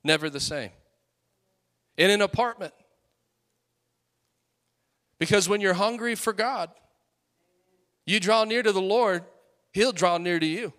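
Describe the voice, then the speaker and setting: Man, late twenties, preacher, sermon, high-pitched, bright edge, fiery swings between loud peaks and hushed asides. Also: a little slow, pauses often. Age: late 20s. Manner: fiery, rising to loud peaks, then dropping to storytelling asides.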